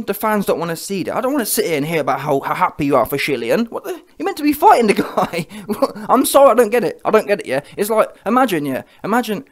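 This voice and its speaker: A man giving heated, mocking boxing commentary on his vlog and checking in with viewers as he goes. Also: high voice. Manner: heated, mocking, keeps asking the viewer "yeah?". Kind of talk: ranting reaction commentary.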